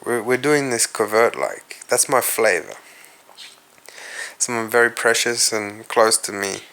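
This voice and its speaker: Slow, bright-voiced Australian man musing. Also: fairly low pitch, clean tone. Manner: musing, profane, addresses viewers directly. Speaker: podcast host. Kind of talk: rambling solo monologue.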